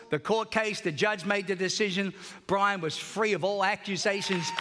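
A male pastor preaches in a large church, passionately telling stories and swinging between shouting and hushed tones. His voice sits high, and the large hall carries a noisy background.

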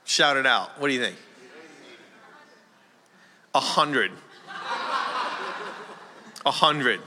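A man's voice: medium pitch, animated, drawn-out words, pushed and bright. A man from a small town in Canada doing a stand-up comedy set, rambling and conversational, often asking the room questions. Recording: long hall reverb.

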